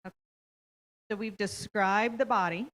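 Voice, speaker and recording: A woman's voice: mid-range voice, steady tone, moderate pace, fairly bright tone, rough recording. A middle-aged woman presenting a parenting workshop, explaining step by step and often checking in with "okay?". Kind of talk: instructional presentation.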